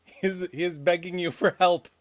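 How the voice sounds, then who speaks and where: A man describing his character's actions in a tabletop game in a measured, deadpan way. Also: sits high. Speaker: player. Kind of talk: narrating a character's actions in tabletop role-play.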